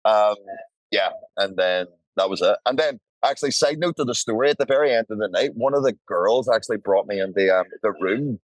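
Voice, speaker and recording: A podcast guest with a lowish voice tells a wild story at a brisk clip, acting out the voices and swearing freely. He's recorded on a podcast studio mic with no room sound, though the overall quality is low.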